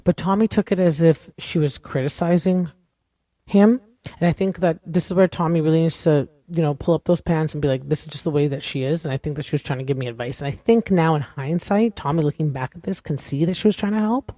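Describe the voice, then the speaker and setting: Low-pitched and dark in tone, her voice moves briskly over a clean, dry studio recording. As a podcast host, she chats casually about a show recap, rambling candidly with strong opinions and plenty of "like" and "you know."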